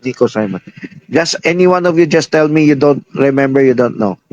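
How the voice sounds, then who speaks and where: A man's voice: mid-range voice, lively intonation, brisk, a little mellow, no room sound, muffled recording. A man preaching a sermon, teaching by firing questions at the congregation and repeating himself. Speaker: pastor.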